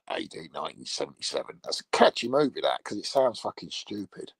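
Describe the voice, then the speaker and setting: A man's voice: low-pitched, big pitch swings, a little fast, vocal fry, few pauses, husky, no room sound. A man rambling crudely through a casual vlog monologue and laughing at his own jokes. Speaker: vlogger.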